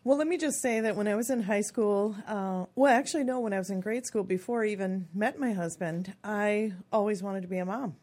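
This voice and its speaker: Woman, 50s, radio guest, chatty and expressive storyteller. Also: mid-range voice, fairly quick, hardly any pauses. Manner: chatty and expressive, acts out quotes in lively voices. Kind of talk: personal storytelling on a radio talk show.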